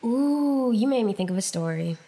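A woman co-hosting a podcast, telling candid stories in casual chat, animated and unfiltered. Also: on the high side, moderate pace, breathy edge. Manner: candid, animated storytelling with swearing. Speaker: podcast co-host.

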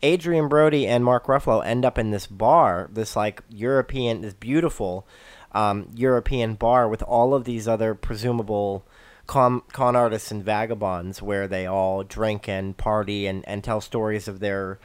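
A man co-hosting a casual film podcast, talking in an animated way with many fillers and restarts. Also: lowish voice, moderate pace, clean tone, dry recording. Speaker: podcast co-host.

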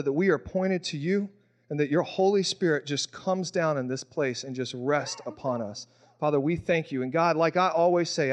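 A young man from Mississippi, preaching a casual, emotional sermon that mixes prayer with personal testimony. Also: fairly high pitch. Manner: casual, storytelling, emotional, acts out quoted voices. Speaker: pastor.

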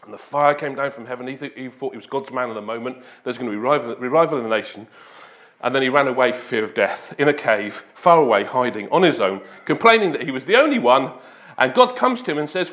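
A man's voice: mid-range voice, expressive, quick pace, fairly bright tone. A man preaching a conversational sermon after an opening prayer, informal and repeating himself often. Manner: informal, repeats "Lord" and "just", restarts.

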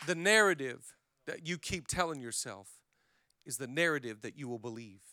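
A male pastor preaching a sermon in an energetic, conversational storytelling manner. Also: medium pitch, normal speed.

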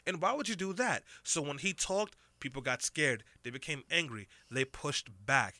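A man's voice: fairly high pitch, lively intonation, moderate pace, bright, forceful tone, no echo. A man in his late twenties hosting a radio talk show, sardonic and rambling. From United States. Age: 20s. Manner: sarcastic, rambling. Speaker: radio host. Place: radio studio. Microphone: studio mic.

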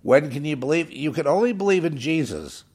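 A man's voice: on the high side, lively intonation, a little fast, a little mellow, husky. A man preaching on air in a fervent, scornful monologue, hammering points home by repeating phrases. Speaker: radio preacher.

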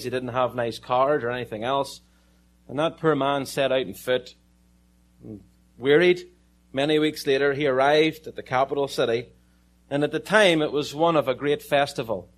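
A man with an Irish accent preaching a sermon, telling a story with dramatic pauses and some joking asides. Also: medium pitch. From Ireland.

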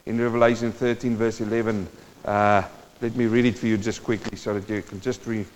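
Impassioned preacher in a reverberant hall. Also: male voice, fairly low pitch, flat delivery, fairly quick, slight background noise. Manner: swings from quiet teaching to loud impassioned exhortation; addresses the congregation directly. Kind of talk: sermon. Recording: dull sound with long hall reverb.

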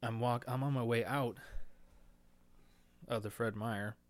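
A man's voice: mid-range voice, steady tone, unhurried, dry recording. Rambling, nervous young man ranting. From United States. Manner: rambling, crude and profane, laughs at his own jokes; nervous and short of breath. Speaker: podcast host. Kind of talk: solo podcast rant. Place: indoors, talking alone into a mic.

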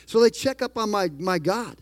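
A man's voice: sits high, normal speed, dry recording. A middle-aged man preaching a sermon as pastor, emphatic and calling out to the congregation for responses.

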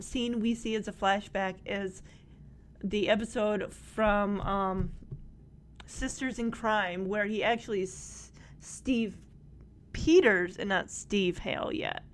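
A woman casually recapping a TV episode, gushing and excitable as she retells scenes and quotes the characters. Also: medium pitch, slow pace. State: tearing up.

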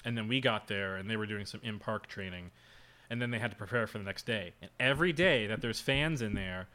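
A man's voice: fairly low pitch, brisk, pushed and bright. A young man co-hosting a podcast, telling a story in a loose, rambling way with lots of fillers and asides. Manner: rambling, filler-heavy storytelling with frequent laughs. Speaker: podcast co-host. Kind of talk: casual chat.

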